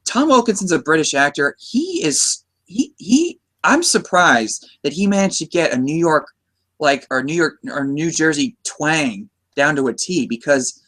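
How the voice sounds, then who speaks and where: An American man hosts a casual movie podcast, his voice on the high side and a bit bright. He's animated yet keeps a measured pace, chatting enthusiastically and often restarting his sentences.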